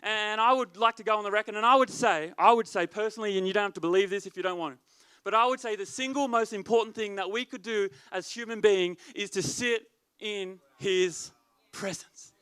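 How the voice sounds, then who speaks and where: Bright, high-voiced preaching man. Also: a little fast, hardly any pauses, smooth. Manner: emphatic, repetitive preaching. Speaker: youth leader. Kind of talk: sermon.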